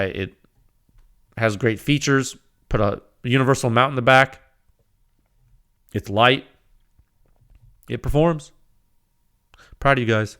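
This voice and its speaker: A man hosting a casual solo podcast, rambling and animated, with frequent restarts, laughs and acted-out quoted exchanges. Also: medium pitch. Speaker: podcast host.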